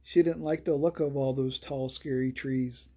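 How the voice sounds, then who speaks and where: A storyteller reading a children's bedtime story aloud, slow and soothing. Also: medium pitch, fairly even intonation, warm tone, slightly rough.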